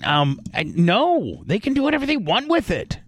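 A man's voice: high voice, huge pitch swings, moderate pace, creaky, no room sound. A man hosting a radio show, rambling through casual studio talk with lots of restarts and half-sung rap lyrics. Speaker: radio host.

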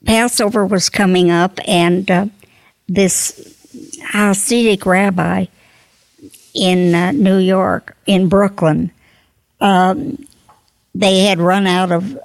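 A woman in her nineties, a grandmother slowly telling old jokes in a folksy, casual way. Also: on the low side, no room sound. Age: 90s. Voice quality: creaky. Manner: slow, folksy joke delivery with voiced characters.

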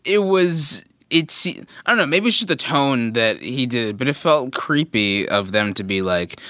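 A young adult man co-hosting a podcast, chatting casually in an animated, wry way. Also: medium pitch, unhurried, few pauses, dry recording. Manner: animated, wry, mimics lines. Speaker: podcast co-host. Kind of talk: casual chat.

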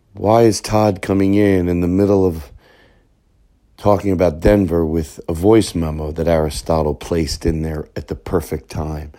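A man's voice: sits low, warm tone. A man talking through a reflective voice memo played on a podcast.

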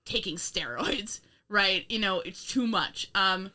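A young woman reviews a film in loose, rambling chat, full of laughs, swearing and sarcastic asides. Her voice is bright and sits in a middle pitch. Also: expressive, slow pace. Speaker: podcast co-host.

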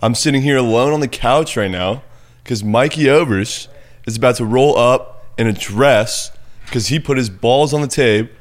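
A man's voice: medium pitch, normal speed. Young man hosting, teasing and laughing. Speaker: podcast host. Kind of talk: casual chat.

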